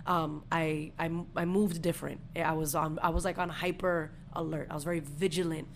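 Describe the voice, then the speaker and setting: A woman's voice: sits low, moderate pace, slight background noise. A young adult woman, hosting a podcast and telling a story in casual chat full of swearing. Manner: profane, animated storytelling. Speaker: podcast host.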